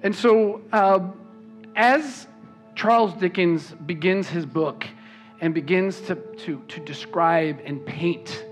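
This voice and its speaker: A man's voice: high-pitched, slow pace. A man preaching a sermon as pastor, emphatic and repeating words when he stresses a point. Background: soft worship music.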